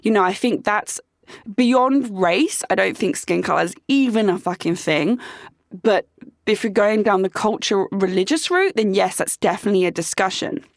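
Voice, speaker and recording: A woman's voice: mid-range voice, moderate pace, no room sound, studio quality. A young adult woman hosting a casual solo podcast, talking frankly and chattily, swearing freely and saying "like" often. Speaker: podcast host.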